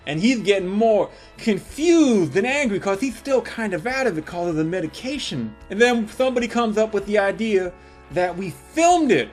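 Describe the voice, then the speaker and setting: A man telling a comic story in an animated, profane way, building jokes with sudden changes in loudness. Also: sits high, normal speed, faint music behind. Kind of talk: comedic storytelling monologue.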